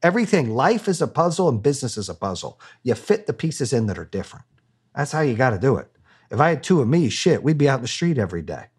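Casting: outspoken man, business owner, swears freely, high-energy and self-assured, mid-pitch. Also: big pitch swings, quick pace, a little mellow, husky. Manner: blunt, profane, fired-up and self-assured. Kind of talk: candid interview talk.

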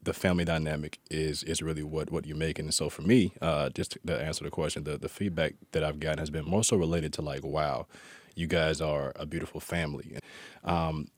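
Very deep flat-voiced father. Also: no room sound. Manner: halting, many restarts, reflective. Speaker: guest, father. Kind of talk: casual interview answer.

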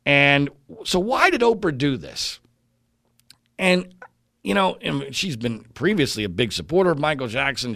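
A man rants through an opinion commentary with a bright, sharp tone. His pitch leaps around as he mocks the other side and stumbles over restarts. The recording is dry and close. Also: dry recording. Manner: animated and indignant, mocking voices, frequent restarts.

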